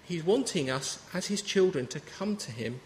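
A man's voice: on the high side, expressive, normal speed, a little hiss or hum. A man in his thirties preaching a sermon in a chatty, story-telling way. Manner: conversational, anecdotal preaching. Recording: reverberant hall with faint ambience.

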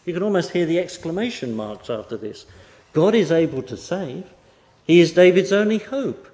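A male preacher delivering a Bible sermon in a fairly high voice that swings widely in pitch. He leans hard on key words and then lets his sentences sink quietly at the end. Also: very animated, moderate pace. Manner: emphatic, rising for stress and dropping soft at phrase ends. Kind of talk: expository sermon.

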